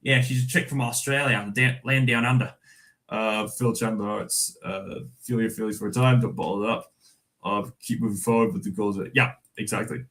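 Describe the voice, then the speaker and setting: A man's voice: fairly low pitch, fairly even intonation, fairly bright tone, poor audio. Rambling Scottish man hosting a livestream. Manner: rambling, halting, with many fillers and restarts; answers live chat comments, chuckling. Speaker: livestream host. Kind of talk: casual livestream chat, reading chat and a magazine aloud.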